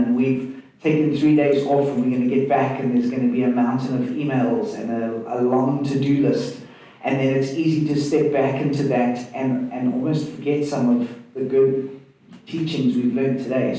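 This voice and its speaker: A man on a conference panel talks in a measured, reflective way with a mellow, dark tone. His voice comes from some way off the mic and rings around a very echoey hall. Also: mid-range voice, recorded from a distance. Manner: measured, reflective, speaks of prayer and faith. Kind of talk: panel discussion.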